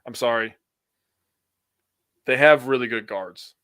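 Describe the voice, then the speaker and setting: A young man from Wisconsin with a Wisconsin accent, co-hosting a casual sports podcast, blunt and quick to swear. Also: medium pitch, a bit bright, clean tone, no echo, clean studio sound.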